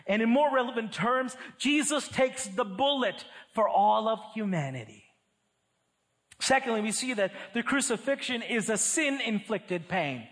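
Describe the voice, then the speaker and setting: A man preaching a sermon, earnest and emphatic, reading scripture aloud in a measured voice and then rising and falling in pitch and volume to stress his points. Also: a bit bright.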